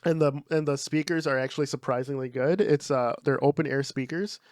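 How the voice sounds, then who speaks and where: A man's voice: medium pitch, a little fast, no echo, studio quality. A young man co-hosting a podcast, chatting in a laid-back way, swearing freely and leaning on fillers. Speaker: podcast co-host. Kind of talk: casual chat.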